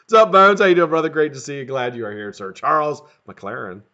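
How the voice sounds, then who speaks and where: A middle-aged man chats on a live stream, his bright, forceful voice swinging widely in pitch. He rambles and swears between greetings to viewers. The audio is dull and lo-fi. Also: sing-song, fairly quick. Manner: profane, rambling, jokey.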